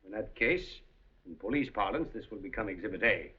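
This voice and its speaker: A suave scheming casino boss. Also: male voice, fairly low pitch, expressive, brisk, slightly rough. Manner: urbane, dryly amused, coolly threatening. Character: suave scheming male casino operator, older, smooth and commanding. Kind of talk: 1930s film acting. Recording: dull old film soundtrack.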